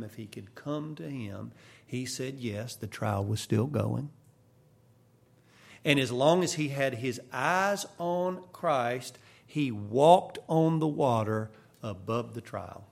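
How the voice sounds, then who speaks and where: A male preacher delivers his sermon with a gravelly edge to his voice. He speaks slowly and deliberately, earnest throughout. He swings between loud emphasis and quiet, firm lines. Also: mid-range voice.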